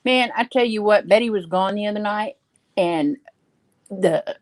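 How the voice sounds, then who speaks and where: A woman's voice: medium pitch, measured pace, a little mellow, no room sound. A woman chatting casually and telling funny stories about her family and pets. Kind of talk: casual storytelling.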